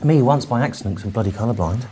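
A man co-hosting a podcast in casual chat, with quick, joking banter. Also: lowish voice, expressive, dark tone, a little hiss or hum. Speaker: podcast co-host.

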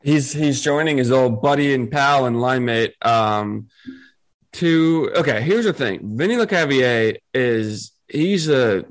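A man's voice: mid-range voice, animated, unhurried. Guy cohost, skeptical and wry, ordinary middle voice, talks it through. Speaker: podcast co-host. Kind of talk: casual sports chat.

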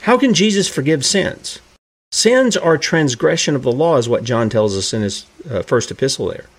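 A man's voice: medium pitch, lively intonation, normal speed. A man preaching a sermon who asks his listeners rhetorical questions and acts out the characters in the stories he tells.

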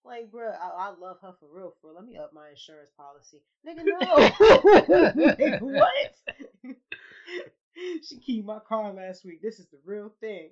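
A woman co-hosting a podcast in casual, slangy banter, loud and laughing as she swears and jokes. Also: on the low side, fairly quick, hardly any pauses. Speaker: podcast co-host. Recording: slightly dull lo-fi podcast audio.

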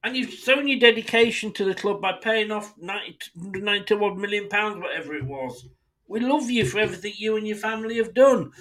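A man's voice: sits high, fairly quick, fairly bright tone, rough recording. A man hosting a football fan podcast, delivering an indignant, sweary solo rant addressed straight at his club's owners.

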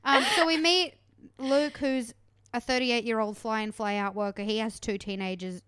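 A woman's voice: on the high side, steady tone, unhurried, fairly bright tone, smooth, dry recording. A woman co-hosting a podcast, chatting playfully and mocking herself while recapping a TV show. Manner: playful, self-mocking, bursts of laughter. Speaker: podcast co-host. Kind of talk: casual chat recapping a TV show.

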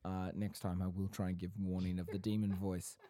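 A man's voice: sits low, flat delivery, brisk, warm tone, dry recording, clean studio sound. A man co-hosting a podcast in a casual chat from an office, teasing his brother in a mock-dramatic way. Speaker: podcast co-host. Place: home office. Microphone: podcast microphone.

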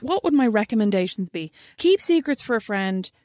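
A woman co-hosting a casual chat show, talking in a quick, gossipy, giggly way. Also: mid-range voice, sing-song, darkish tone, no echo, studio quality. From Ireland. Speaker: podcast co-host.

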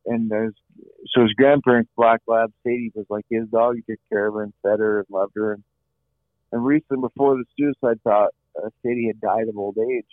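A man's voice: fairly low pitch, steady tone, a little fast, no echo. A middle-aged man, an interview guest, telling his own story in an earnest way, repeating phrases and often saying "you know". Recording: dry, phone-like line.

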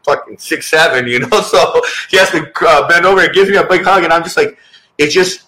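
A man's voice: fairly high pitch, fairly quick, bright, forceful tone, rough recording. A man talking as a guest author in a casual interview, earnest and rambling, with many restarts.

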